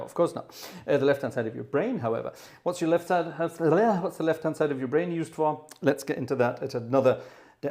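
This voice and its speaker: Breathless man chatting from a piano. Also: mid-range voice. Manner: chatty, self-deprecating, addresses the audience as ladies and gentlemen. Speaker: pianist hosting a live stream. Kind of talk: live-stream chat between pieces. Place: piano room at home.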